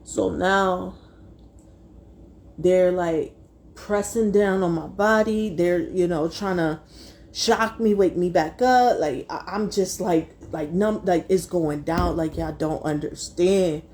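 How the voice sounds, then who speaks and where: A young adult woman telling a personal story to her viewers, fighting back tears and speaking haltingly. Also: lowish voice, a little mellow. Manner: tearful, halting, addresses viewers as y'all. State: close to tears. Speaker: vlogger.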